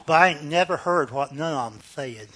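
A man voicing an elderly, hard-of-hearing woman who speaks softly in plain country talk. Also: low-pitched, lively intonation, moderate pace, background noise. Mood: gentle. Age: older.

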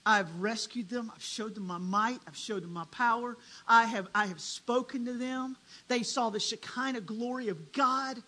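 A preacher voicing God as a weary, stern figure who speaks slowly and with authority. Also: mid-range voice, pushed and bright, low-quality recording. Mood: fed up.

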